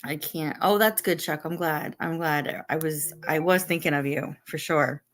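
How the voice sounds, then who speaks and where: A woman's voice: low-pitched, moderate pace, a bit bright. A middle-aged woman hosting a casual live stream, chatting and greeting viewers by name and laughing often. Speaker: livestream host.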